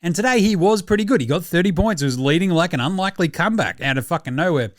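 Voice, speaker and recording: A man's voice: high-pitched, animated, quick pace, dry recording. Sweary Australian man, dry close mic. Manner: swearing, laughing, rambling banter. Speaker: podcast host. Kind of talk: casual sports commentary.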